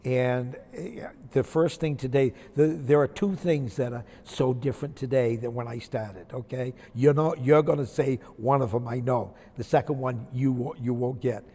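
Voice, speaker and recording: A man's voice: mid-range voice, moderate pace, few pauses, warm tone, in a large hall. An older man from Maine, a retired basketball coach, telling folksy, reflective stories from his career in an interview. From Maine, USA. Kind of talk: interview storytelling.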